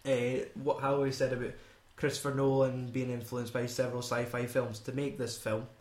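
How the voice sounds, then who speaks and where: A man's voice: medium pitch, little pitch movement, normal speed, a little mellow, echoey room. Sweary Scottish man, rambling film chat. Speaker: podcast co-host.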